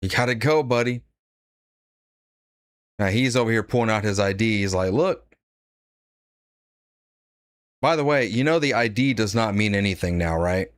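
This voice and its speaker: A man's voice: fairly low pitch, fast, hardly any pauses, no room sound, studio quality. A man giving blunt, sarcastic live-stream commentary, reading out donations and laughing at his own jokes. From United States.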